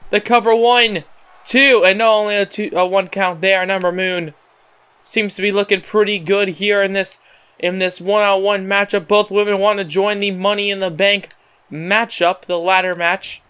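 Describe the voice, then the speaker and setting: High, smooth-voiced man calling game wrestling. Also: moderate pace. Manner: excitable announcer patter, repeating "however" and filler words. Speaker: gaming channel host. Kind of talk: play-by-play wrestling commentary over a video game.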